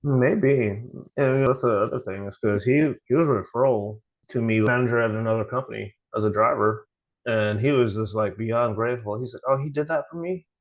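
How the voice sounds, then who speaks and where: Low-voiced guy on a podcast, casual storytelling, keeps quoting people, lots of restarts. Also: fairly even intonation, moderate pace, low-quality recording. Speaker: podcast host. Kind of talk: casual chat.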